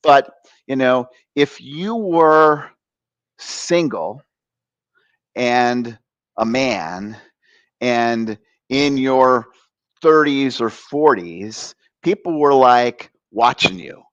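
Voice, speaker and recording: A man in his fifties tells a story as a guest on a talk show, acting out the voices of other people and making loud sound effects. He laughs as he goes and restarts his sentences often. His voice sits at an ordinary pitch and is recorded dry, with no room sound. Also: drawn-out words, no room sound, muffled recording. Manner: animated, acts out voices with bursts of sound effects; frequent fillers and restarts, laughs while telling. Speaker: guest, author and career coach. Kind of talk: personal storytelling in an interview.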